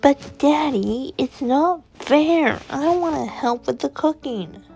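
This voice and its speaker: A woman's voice: high voice, expressive, slow pace, gravelly, darkish tone, faint music behind, pitched above the performer's own voice, exaggerated voice. A woman voicing a small, eager and curious boy fox pup with a childlike, whiny way of pleading.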